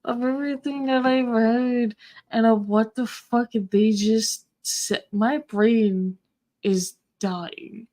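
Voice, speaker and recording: A woman's voice: fairly high pitch, fairly even intonation, takes it slowly, warm tone. A woman reviewing a podcast live, incredulous and swearing freely. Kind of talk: casual reaction chat.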